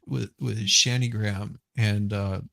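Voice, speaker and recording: A man's voice: on the low side, fairly even intonation, measured pace, gravelly, a bit bright, no room sound. Chatty man rambling on a live stream. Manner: rambling, with restarts and laughter. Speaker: guest streamer. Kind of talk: casual live chat.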